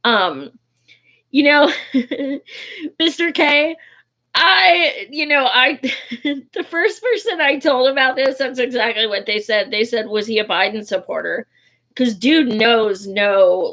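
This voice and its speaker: A woman's voice: fairly high pitch, lively intonation, takes it slowly, bright, forceful tone. A woman, a political activist, talking casually and heatedly, swearing often and restarting her sentences, with many fillers. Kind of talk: casual vlog talk. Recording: dull lo-fi recording.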